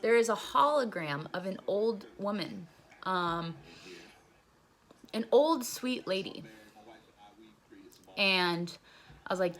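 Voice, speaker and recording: This young woman speaks slowly and pauses often, her medium-pitched voice expressive and fairly bright. She's casually recounting her time in jail, wandering off track, cursing freely, and using "like" a lot.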